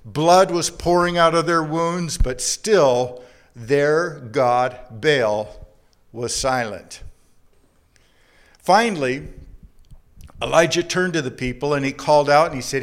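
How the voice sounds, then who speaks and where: A man preaching a sermon, reading scripture and acting out the voices in the story, dropping to a hush for emphasis. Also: a little high, a little slow.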